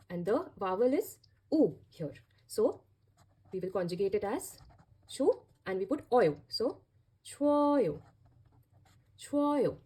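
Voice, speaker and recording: This Korean language teacher has a medium-pitched voice, warm and mellow with a slightly breathy edge. She explains patiently, spelling out each step and repeating key words so learners can keep up.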